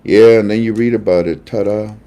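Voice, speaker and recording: A man's voice: lowish voice, fairly even intonation, brisk, warm tone, clear, resonant tone. A man hosting an online talk show, ranting heatedly about politics and mocking his opponents with laughs.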